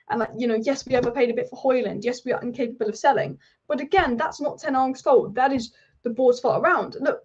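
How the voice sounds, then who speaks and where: A woman's voice: on the high side, dull audio. A woman hosting a live football show, ranting passionately and repeating points for emphasis. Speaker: football channel host.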